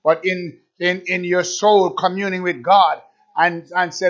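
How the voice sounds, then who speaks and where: A man's voice: sits high, steady tone, a little slow, a bit bright. A man preaching a fervent sermon, repeating himself and firing rhetorical questions at his listeners. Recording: dull lo-fi recording.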